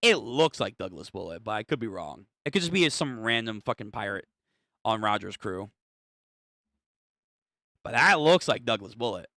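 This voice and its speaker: A man's voice: fairly low pitch, very animated, moderate pace, pauses often, sharp tone, dry recording, clean studio sound. A young man reacting live to a manga chapter, talking in a casual, profane way. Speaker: streamer.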